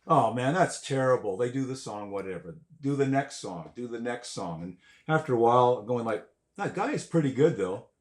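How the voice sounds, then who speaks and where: An older man, a guest musician, telling stories in a casual way, animated and swearing, acting out quotes and sounds. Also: medium pitch, moderate pace, hardly any pauses. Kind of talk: casual storytelling. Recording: roomy echo.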